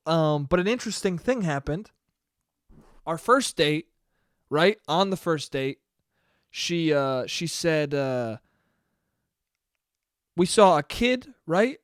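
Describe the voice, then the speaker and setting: A man's voice: fairly high pitch, smooth, dry recording, clean studio sound. A man hosting a solo podcast, telling stories in a casual, profane way and laughing often. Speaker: podcast host.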